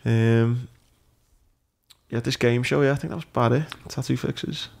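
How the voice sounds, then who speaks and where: A man's voice: mid-range voice, steady tone, moderate pace, creaky, a little mellow. A man hosting a podcast in laid-back casual chat, self-deprecating and calling people mate. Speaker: podcast host.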